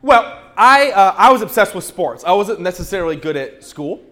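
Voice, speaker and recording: A male pastor preaching a sermon through a humorous, animated personal story, often restarting his words. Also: high-pitched, normal speed.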